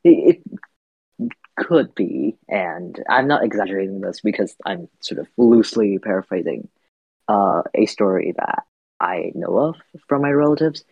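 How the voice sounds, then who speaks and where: A podcast guest from Vietnam speaks reflectively and hesitantly, full of fillers and restarts. His fairly low, slightly rough voice has vocal fry and is animated yet unhurried, captured dry with no echo in dull lo-fi audio.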